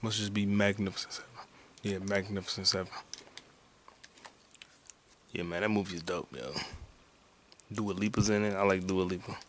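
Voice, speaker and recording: Male podcast host, low register, loose and profane, rambling casually at home with faint background hiss. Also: steady tone, normal speed, pauses often. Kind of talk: casual solo podcast chat. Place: at home with a loud game console nearby.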